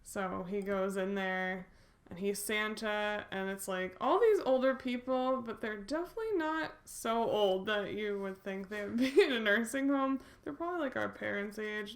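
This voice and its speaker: A woman's voice: medium pitch, unhurried, gravelly. A woman co-hosting a podcast, chatting about a movie with wry, laughing asides. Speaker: podcast co-host. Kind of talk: casual movie review chat.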